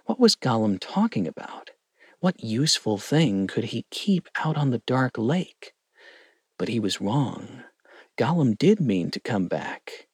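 Slow, lively storybook narrator man. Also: mid-range voice, husky, no room sound, studio quality. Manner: expressive, lingering storytelling. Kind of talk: storybook reading.

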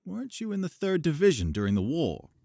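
A polite, charming wealthy host from the 1920s in an audiobook, voiced by a man. He speaks genially, higher than the reader's own voice. The sound is dry and close. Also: huge pitch swings, fairly quick, gravelly, warm tone, no room sound, exaggerated voice.

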